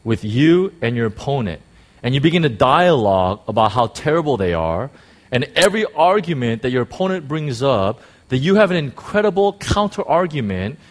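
A man pastor preaching a sermon in a conversational way, with rhetorical questions and quick acted-out quotes of churchgoers. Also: big pitch swings. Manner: acts out quoted church talk in sudden high bursts.

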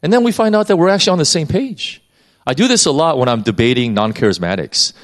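Animated man teaching from the Bible. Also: on the high side, quick pace. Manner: animated, repeats words while thinking. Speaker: preacher.

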